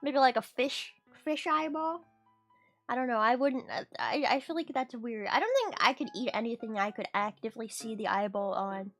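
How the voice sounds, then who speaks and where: A woman's voice: fairly high pitch, normal speed, fairly bright tone, soft background music. A woman streamer chatting casually with her viewers, rambling and giggly. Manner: rambling, giggly, talks to chat. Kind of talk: casual livestream chat.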